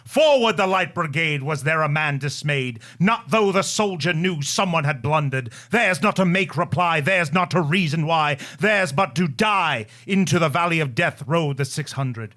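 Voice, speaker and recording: A man co-hosting a casual history podcast, explaining events in quick bursts. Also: fairly high pitch, expressive. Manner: explains events quickly, then recites a poem loudly. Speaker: podcast co-host.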